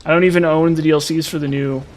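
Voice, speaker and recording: A man's voice: on the high side, fairly even intonation, fast, a little mellow, slight background noise. Rambling man chatting while gaming. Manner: rambling, many fillers and restarts. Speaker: gaming streamer. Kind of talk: casual chat while playing a game.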